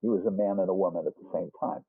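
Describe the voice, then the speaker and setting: A musician in his sixties with a Boston accent guests on a casual interview, telling rambling stories full of restarts and asides. His voice is low, husky and steady, and he talks fast. The sound is muffled, like a phone line.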